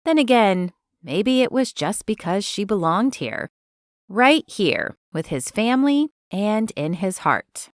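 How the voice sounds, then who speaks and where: A woman narrating a romance audiobook in an expressive storytelling manner, recorded close to the mic. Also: medium pitch, slow, no room sound. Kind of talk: scripted narration.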